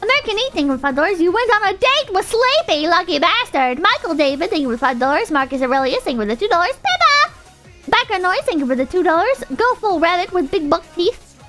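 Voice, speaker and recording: A woman's voice: very high voice, sing-song, quick pace, fairly bright tone, soft background music. A young woman streamer chatting casually, rambling and swearing as she rants and thanks donors. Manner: rambling, profane, ranting. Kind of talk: casual livestream chat.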